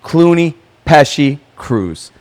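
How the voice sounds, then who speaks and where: This is a man with a somewhat high voice on a casual podcast. He talks in an animated, profane way and laughs often. He comes across as a lawyer at ease with his co-host. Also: takes it slowly, smooth.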